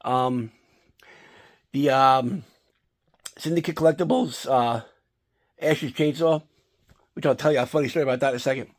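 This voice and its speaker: A man's voice: medium pitch, normal speed, long pauses. A man from New Jersey telling a long, rambling story about his holiday routine, swearing often and getting worked up. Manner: rambling, profane, animated when annoyed. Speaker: collector vlogger. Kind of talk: casual chat, storytelling.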